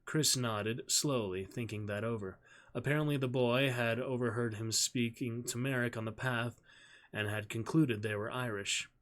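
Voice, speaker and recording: A man streamer reading a novel aloud in a measured, steady storytelling voice. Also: medium pitch.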